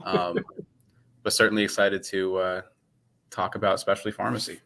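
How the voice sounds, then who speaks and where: A man who works as a pharmacist and company head, giving measured, explanatory answers in a casual interview. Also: sits low, level tone, gravelly, fairly bright tone.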